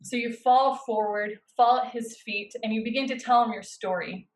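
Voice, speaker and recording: A woman pastor preaching a sermon, guiding her listeners through a scene in the second person with slow, dramatic pauses. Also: fairly high pitch, rough recording. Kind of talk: sermon with guided imaginative narration.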